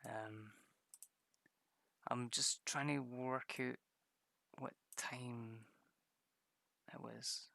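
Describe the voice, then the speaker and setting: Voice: medium pitch, steady tone, drawn-out words, creaky, pauses often, pushed and bright, dry recording. A streamer chatting casually while drawing maps, rambling, swearing freely, often laughing at themselves.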